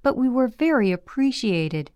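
Woman, memoir reading, measured, smooth voice, dry close sound. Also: on the high side, big pitch swings, a little mellow, no echo. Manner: measured, plain storytelling. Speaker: audiobook reader.

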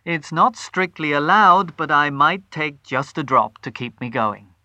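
A man's voice: fairly high pitch, lively intonation, measured pace, sharp tone, no echo, dull audio, exaggerated voice. A man doing a hearty, blunt police sergeant. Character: gruff, hearty middle-aged police sergeant.

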